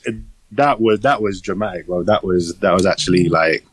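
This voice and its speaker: A man's voice: low voice, normal speed, a little hiss or hum, rough recording. A young man co-hosting a casual podcast, rambling with lots of fillers and casual swearing, recorded on a phone. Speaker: podcast co-host. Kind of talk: casual chat.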